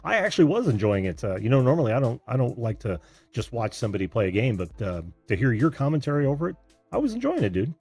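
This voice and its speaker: Male call-in host, easygoing, lively rise and fall, husky tone, faint music bed. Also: medium pitch, quick pace. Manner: laughs easily, easygoing. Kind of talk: live call-in show hosting.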